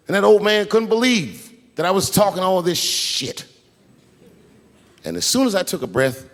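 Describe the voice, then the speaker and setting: A man doing stand-up storytelling before a live audience, animated and profane, acting out the people in his story. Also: fairly high pitch, in a large hall. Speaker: stand-up comedian. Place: large theater stage before a live audience.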